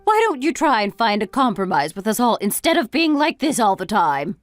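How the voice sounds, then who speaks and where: A woman's voice: a little high, sing-song, fairly quick, dry recording. A woman playing a reproachful mother. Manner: reproachful, lecturing. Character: bitter, reproachful middle-aged mother. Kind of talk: scripted text-story drama.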